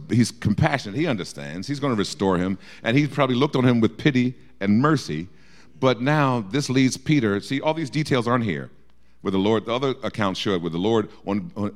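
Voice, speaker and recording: Lively, animated male Bible teacher. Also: lowish voice. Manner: lively, acts out quotes with shifting voice.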